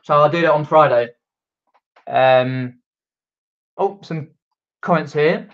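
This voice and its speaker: Taking it slowly in a fairly high voice, a British man chats casually on a live stream from downstairs at home, reading comments from viewers and rambling with lots of fillers and restarts. The camera-mic audio is dull.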